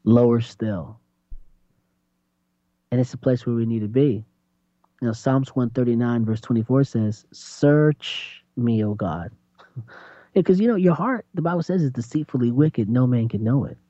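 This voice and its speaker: A man preaching in a conversational sermon, animated and acting out voices with big jumps in pitch. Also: brisk, dry recording. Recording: dull lo-fi sound.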